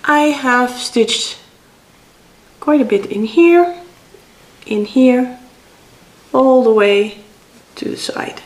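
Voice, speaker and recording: A woman's voice: high-pitched, lively intonation, very slow, pauses often, reverberant, rough recording. A middle-aged Dutch woman speaking English with a Dutch accent, chatting hesitantly as she shows her cross-stitch projects at home. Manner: chatty, hesitant, many fillers. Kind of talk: casual show-and-tell.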